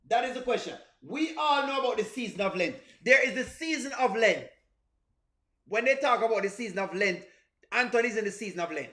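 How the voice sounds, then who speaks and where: A man's voice: high voice, animated, brisk, bright, forceful tone. A man giving comic reaction commentary, playful and laughing, repeating lines as running jokes. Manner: playful, laughing, repetitive riffs. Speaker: reaction video host. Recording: roomy echo.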